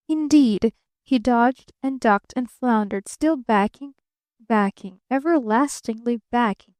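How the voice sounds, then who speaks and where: A woman narrates a classic novel in an expressive storybook manner. Her voice sits fairly high, and the recording is dry and close with no room sound. She reads with steady, lively phrasing. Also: unhurried, no room sound. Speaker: audiobook narrator. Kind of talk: scripted narration.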